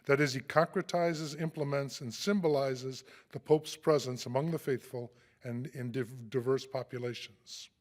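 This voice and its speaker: A man introducing a guest speaker in a formal, measured read, with a dry humorous touch. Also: medium pitch, steady tone, a little mellow.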